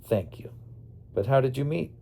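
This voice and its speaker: A man's voice: mid-range voice, animated, moderate pace, creaky, mellow, pitched above the performer's own voice. A man reading the part of a polite young Englishman who speaks in a courteous, formal way.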